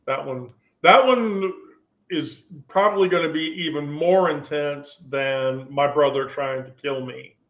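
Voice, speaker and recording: A man hosting a relaxed group chat, rambling and often restarting his sentences. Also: fairly high pitch, unhurried, lo-fi sound. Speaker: host. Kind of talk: casual chat.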